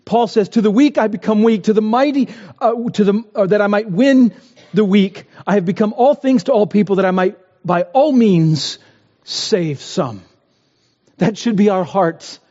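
A man's voice: high-pitched, normal speed, mellow. A man preaching a sermon, earnest and building to impassioned pleas. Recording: dull, roomy hall sound.

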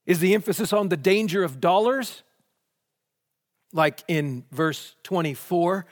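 Male preacher, higher voice, rhetorical questions, emphatic, long hall reverb. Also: expressive, measured pace. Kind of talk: sermon.

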